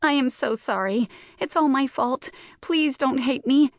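A woman voicing a remorseful teenage girl who pleads through choked sobs, pitched well above her own voice. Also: a little slow, no room sound, studio quality. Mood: sobbing. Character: tearful teenage girl, remorseful younger sister.

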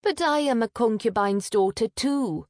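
A woman voicing a timid, tearful youngest sister who talks softly and sighs. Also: medium pitch, a little slow, no room sound, clean studio sound, natural voice. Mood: plaintive. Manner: soft, plaintive, sighing.

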